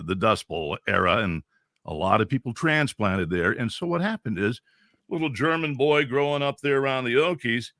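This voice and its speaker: A man in his sixties from Central California tells radio stories with lively, chuckling energy. His voice is bright and forward, at a middling pitch. It is recorded close and dry, with no room sound. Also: no room sound. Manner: animated, chuckling anecdotes. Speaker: veteran radio DJ, podcast guest. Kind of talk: casual storytelling.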